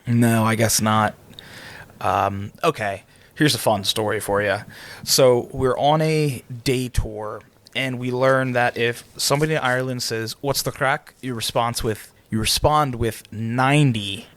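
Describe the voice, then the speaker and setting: A man co-hosting a podcast, telling travel stories in a casual, animated way and laughing as he acts out quotes. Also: medium pitch, a little slow. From Pennsylvania, United States. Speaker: podcast co-host. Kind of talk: casual storytelling chat.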